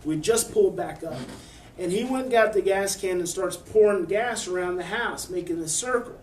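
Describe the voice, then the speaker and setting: A man giving calm parenting advice to a mother, often dropping his voice to a hush as he models what to say to a child. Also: high voice, moderate pace. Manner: calm coaching, drops to a soft hush when modeling words to a child. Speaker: parenting expert answering a parent. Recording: echoey room, distant mic.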